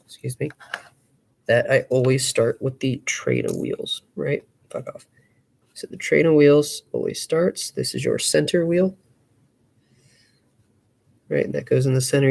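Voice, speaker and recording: A man's voice: medium pitch, creaky. A man streaming as a hobby watchmaker, chatting casually and joking profanely while he works. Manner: profane, joking, talks to himself. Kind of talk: casual live-stream commentary while working.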